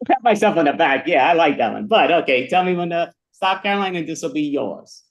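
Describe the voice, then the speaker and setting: A man's voice: fairly high pitch, expressive, a little fast, echoey room, highs cut off. A man hosting an improv comedy game, playfully praising his own jokes.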